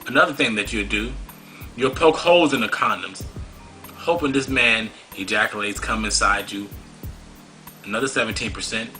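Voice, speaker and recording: A man's voice: on the low side, normal speed, long pauses, pushed and bright, faint music behind, poor audio. A man hosting a talk show, delivering a preachy, scolding monologue full of rhetorical questions. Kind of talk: monologue commentary.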